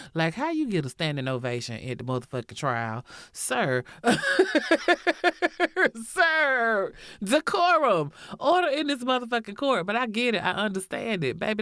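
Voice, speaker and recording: A woman hosting a true-crime podcast, telling the story in a sassy, profane, animated way. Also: deep voice, no room sound, studio quality. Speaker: podcast host.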